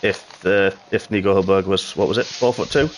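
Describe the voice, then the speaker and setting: A man's voice: low voice, fairly even intonation, brisk, a little hiss or hum. A man doing live sim racing commentary as the host, upbeat and joking with his co-hosts. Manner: upbeat, jokey banter with co-hosts. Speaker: esports race commentator.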